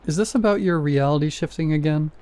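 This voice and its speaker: A soothing, patient husband in a spoken horror tale, his voice soft and kind, as a man reads him. The tone sits a little high and mellow. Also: a little fast, natural voice.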